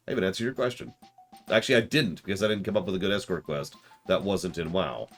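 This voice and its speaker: A man's voice: low voice, very animated, fast, vocal fry, fairly bright tone, faint music behind. A man streaming a game, giving casual commentary with sarcastic, joking asides.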